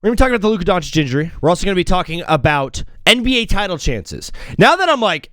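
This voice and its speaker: Man, young, sports talk host, high-pitched, very lively pitch, joking. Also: dry recording, clean studio sound. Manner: animated, joking, quick shifts from loud outbursts to mumbled asides. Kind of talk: casual sports talk show.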